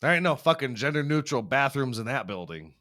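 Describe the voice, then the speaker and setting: A man's voice: medium pitch, sing-song, brisk, sharp tone. A young man hosting a podcast, riffing through a crude comedic monologue and laughing at his own jokes. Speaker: podcast host.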